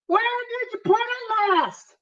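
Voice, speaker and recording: Lady putting on a squeaky naggy alien wife voice, way up high, keeps asking questions. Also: takes it slowly, muffled recording. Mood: chiding. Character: patient, nagging female alien wife.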